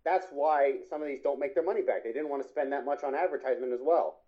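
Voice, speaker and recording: A man's voice: mid-range voice, quick pace. A man co-hosting a casual film chat, talking enthusiastically and rambling through restarted sentences. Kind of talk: casual chat about animated films. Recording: muffled lo-fi mic.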